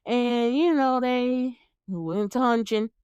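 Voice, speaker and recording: A woman's voice: a little high, slow pace, a little mellow, smooth, no room sound, lo-fi sound. A woman hosting a casual movie recap, chatty, laughing often and swearing freely as she retells scenes. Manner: chatty, laughs often, acts out the characters' lines. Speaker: podcast host recapping a movie. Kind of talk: casual chat.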